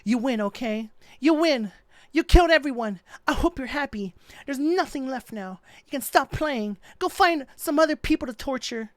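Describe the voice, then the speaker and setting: A woman's voice: high-pitched, expressive, moderate pace, dry recording, studio quality. A woman voicing an obsessive, lovesick schoolgirl club president who talks sweetly and pleads when wounded, over game music. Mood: heartbroken.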